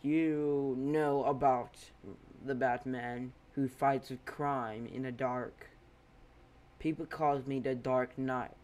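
A man voicing a brooding, smug teenage vigilante in a bat suit, speaking loud, slow and menacing. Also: mid-range voice, fairly even intonation, close to an everyday voice. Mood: commanding.

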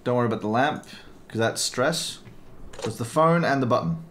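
A man's voice: mid-range voice, animated, a little fast, a bit bright, slight background noise. A young man chatting dryly and swearing casually while watching a friend play a game. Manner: dry, wry, swears casually. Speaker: co-host. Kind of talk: casual gameplay chat.

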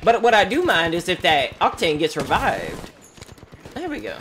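A man's voice: sits high, normal speed, slight background noise. A man giving live commentary over his own gameplay, taunting opponents and talking to himself as he plays. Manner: animated, taunts enemies, talks to himself. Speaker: gaming streamer.

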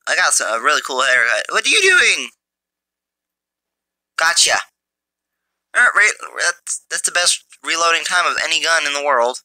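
A man giving mobile gameplay commentary through a phone's built-in mic, excitable and jokey, taunting his enemies. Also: on the high side, normal speed, no room sound. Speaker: gamer.

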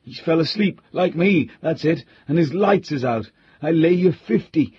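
A man's voice: fairly high pitch, expressive, moderate pace, dull audio, slight background noise, voice pushed up, close to an everyday voice. A man doing a fretful old butler. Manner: raised, fretful old man's voice in country dialect. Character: old male butler, rustic, superstitious, anxious.

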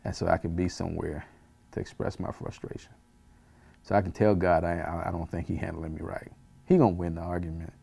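A man's voice: low-pitched, creaky, a little mellow. A man, a pastor, teaching a Bible study in an earnest way, repeating phrases for emphasis and chuckling at himself.

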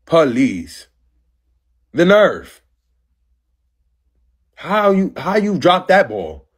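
A brash young man in his twenties goes off on a live stream, sassy and profane. His voice sits fairly high with a husky, breathy edge. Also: very animated, very slow. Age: 20s. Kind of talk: casual live-stream rant.

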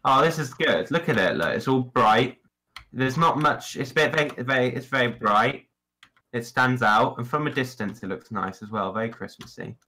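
A man's voice: mid-range voice, animated, normal speed, bright, forceful tone, poor audio. A young man casually chatting while streaming a game, rambling and joking and often repeating himself. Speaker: streamer judging builds. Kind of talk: casual gaming stream chat.

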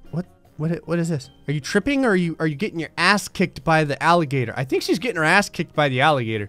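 A man's voice: a little high, a bit bright. A young man giving sarcastic, laughing commentary while he plays a video game and talks to its characters. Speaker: gaming YouTuber. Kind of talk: casual gameplay commentary.

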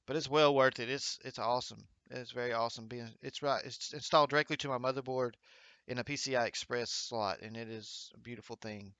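A man's voice: medium pitch, steady tone, a little fast, fairly bright tone, no room sound, muffled recording. A man hosting a gaming livestream at home, chatting upbeat and encouraging while reading viewer comments aloud. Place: home streaming setup with green screen.

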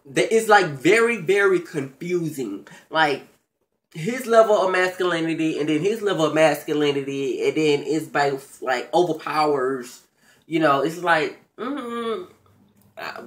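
Man vlogger, sassy and profane, casual TV recap rant with swooping pitch. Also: expressive, measured pace, fairly bright tone. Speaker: vlogger recapping a reality show.

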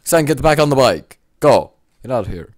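A man doing gaming commentary, excitable, yelping and shouting at what happens in the game. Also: medium pitch, normal speed, no echo, studio quality. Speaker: let's play gamer.

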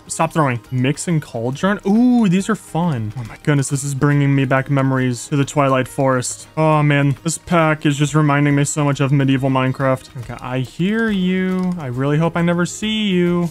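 A young man giving excitable, gushing Let's Play commentary, yelping when enemies appear. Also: fairly high pitch, moderate pace, few pauses, smooth, faint music behind. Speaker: gaming YouTuber.

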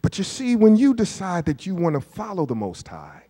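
A man, a pastor preaching a storytelling sermon, moving from hushed asides to shouted peaks. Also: high voice, wildly swooping pitch, normal speed, breathy edge. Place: church sanctuary. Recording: long hall reverb of a church.

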